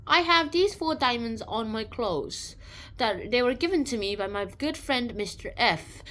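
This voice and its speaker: A woman's voice: a little high, animated, measured pace, fairly bright tone, slight background noise. A woman voicing a proud, stubborn male balloon explorer who refuses questions with clipped, haughty lines. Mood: grand.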